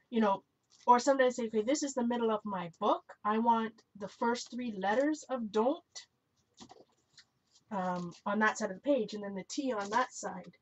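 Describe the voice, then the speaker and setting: A woman's voice: a little high, moderate pace. Chatty woman on a dull lo-fi stream. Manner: chatty, self-correcting, bursts into laughter; reads viewer comments aloud. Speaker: live-stream host. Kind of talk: casual chat while crafting. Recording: dull lo-fi recording.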